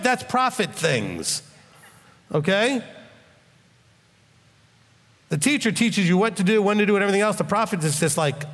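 A man preaching a sermon in a blunt, animated way and leading a closing prayer. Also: high-pitched, normal speed, long reverb tail. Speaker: pastor.

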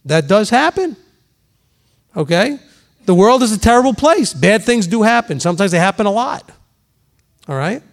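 A man's voice: high voice, sing-song, normal speed, pauses often. A middle-aged male pastor giving a sermon, emphatic and repetitive, now and then mimicking gossiping people. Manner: emphatic, repeats for stress, acts out gossiping voices.

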